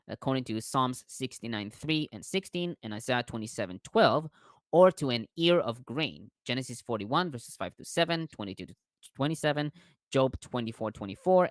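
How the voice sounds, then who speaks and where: Lively-voiced man reading commentary. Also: mid-range voice, no echo, studio quality. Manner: careful reading with small restarts on hard words. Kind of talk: reading quoted scholarly commentary aloud.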